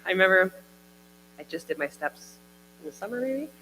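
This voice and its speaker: A woman's voice: mid-range voice, animated, moderate pace, pushed and bright. A woman giving a heartfelt personal testimony at a church service, chatty and full of "like" and "I remember". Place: church hall. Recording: hall reverb with faint mains hum.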